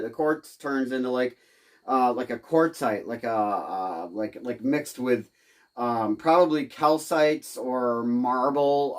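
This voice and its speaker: A man's voice: medium pitch, dry recording. A middle-aged man hosting a prospecting vlog, talking casually and loosely with many fillers and restarts. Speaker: host of a gold prospecting channel. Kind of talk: casual outdoor vlog narration.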